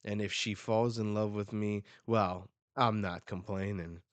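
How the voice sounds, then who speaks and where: A man's voice: on the low side, steady tone, a little slow, dry recording, lightly acted. A man voicing a laid-back, joking old male pirate captain while reading a comic aloud. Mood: amused. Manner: easygoing, joking.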